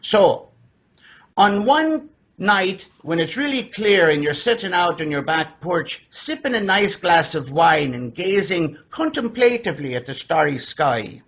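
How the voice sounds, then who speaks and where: A man hosting a podcast interview, playful and storytelling, often stumbling over his words, with a husky voice, recorded in dull lo-fi. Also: high voice, expressive, a little slow, a bit bright. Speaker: podcast host.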